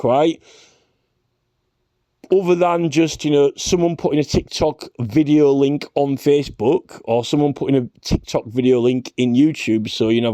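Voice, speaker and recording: A man's voice: on the high side, dark tone, no room sound, studio quality. A man delivering a rambling, profane rant straight to camera, checking in with a constant "right?". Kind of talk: ranting vlog monologue.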